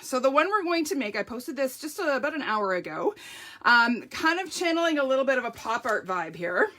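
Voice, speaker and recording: Hosting a relaxed live stamping craft demonstration, this woman welcomes viewers by name in a cheerful, talkative way. Her high voice is very animated, fairly quick, and pushed and bright.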